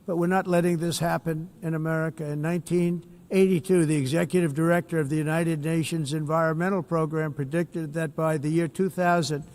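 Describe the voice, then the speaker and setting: A man's voice: fairly high pitch, little pitch movement, fairly quick, few pauses, darkish tone. A man giving a formal speech to an assembly as head of state, blunt and boastful, repeating himself with rambling asides from a podium mic in a large hall.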